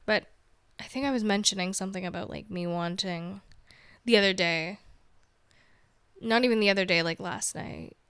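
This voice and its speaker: A woman's voice: medium pitch, moderate pace, a bit bright, clear, resonant tone, no room sound. A young woman hosting a podcast, chatting candidly on her own in a rambling way, with "like" in almost every sentence. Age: young adult. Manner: rambling, heavy use of filler "like", candid and chatty. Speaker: podcast host. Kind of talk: casual solo chat.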